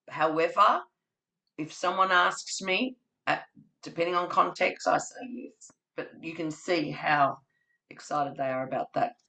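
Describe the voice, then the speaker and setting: A woman leading an educators' webinar, speaking at an unhurried pace and breaking into playful story voices and sound effects as she shows off her props. Her voice is bright and forward, with a slightly low pitch. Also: low-quality recording. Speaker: webinar presenter for family day care educators.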